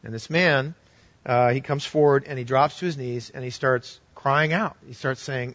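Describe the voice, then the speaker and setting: A man's voice: mid-range voice, moderate pace, no echo. Male pastor delivering an earnest sermon, storytelling in a dry, dull-sounding recording. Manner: earnest storytelling with shifts between loud and hushed.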